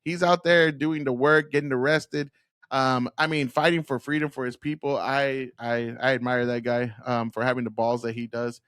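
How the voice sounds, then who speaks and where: A man's voice: mid-range voice, steady tone, moderate pace, a bit bright, clean tone, no echo, clean studio sound. A man hosting a profane reaction video, ranting in a heated, mocking way and laughing often. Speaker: commentary video host.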